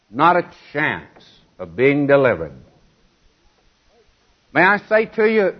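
A man's voice: fairly high pitch, highs cut off. A man preaching a sermon, emphatic, asking his listeners questions as he goes.

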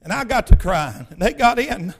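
A man with a high-pitched voice preaches by telling a story from his own life. He talks in a folksy, emphatic way and breaks into shouts when he praises. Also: big pitch swings, normal speed, vocal fry. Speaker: pastor. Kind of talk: storytelling sermon.

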